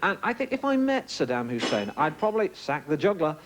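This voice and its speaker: A young man doing a stand-up routine, telling a story in an animated way and slipping into silly voices. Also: on the high side, a little fast. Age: young adult. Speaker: stand-up comedian. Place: comedy club stage. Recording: live club with loud crowd noise.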